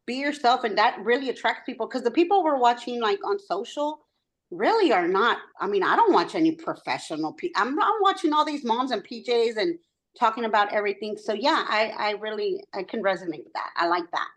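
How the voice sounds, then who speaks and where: A woman's voice: on the high side, animated, fairly quick, fairly bright tone. Chatty Texan woman on a video call. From Texas. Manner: chatty, self-conscious, mixes in Spanish words. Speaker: meetup attendee. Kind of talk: casual chat on a video call.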